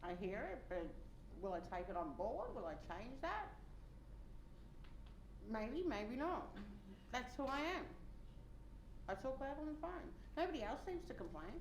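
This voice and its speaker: Woman doing a stubborn coworker who talks loud on the phone, mediation roleplay, echoey room. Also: a little high, very animated, unhurried, pauses often. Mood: defensive. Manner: defensive, matter-of-fact. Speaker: role-play participant in a mediation. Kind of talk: mediation role-play. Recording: roomy with faint noise.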